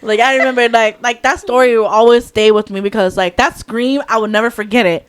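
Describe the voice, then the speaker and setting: A young adult woman co-hosting a casual chat, telling stories with animated energy and acting out the people in them. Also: fairly high pitch, fairly quick, clean tone. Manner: animated storyteller who acts out screams and quotes. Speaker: podcast co-host.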